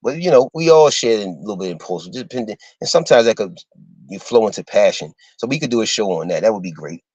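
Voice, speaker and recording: A man giving an informal lecture to his listeners, halting and full of fillers, spelling out terms letter by letter. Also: on the low side, lively intonation, a little mellow, breathy edge, dry recording, lo-fi sound. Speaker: host teaching a class.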